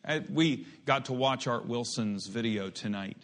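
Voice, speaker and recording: A middle-aged man preaching a sermon, reading scripture slowly with rising emphasis, then turning quieter and reflective. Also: medium pitch. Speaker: pastor.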